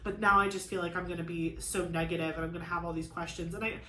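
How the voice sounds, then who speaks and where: A woman's voice: fairly low pitch, fairly even intonation, fast talker, sharp tone, slight background noise. Rambling woman venting in an echoey room. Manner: rambling, lots of "like", frustrated venting. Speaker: crafting channel host. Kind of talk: casual chat while crafting. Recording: echoey room with faint ambience.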